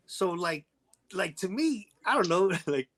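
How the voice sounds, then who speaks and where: A man's voice: high voice, big pitch swings, a little slow, fairly bright tone. A man from Chicago guesting on a podcast, telling stories in blunt, profane casual chat.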